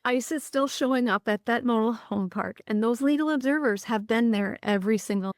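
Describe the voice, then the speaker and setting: A woman's voice: a little high, fairly quick, no room sound, clean studio sound. A woman, a podcast guest earnestly recounting stories with frequent restarts. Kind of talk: conversational storytelling.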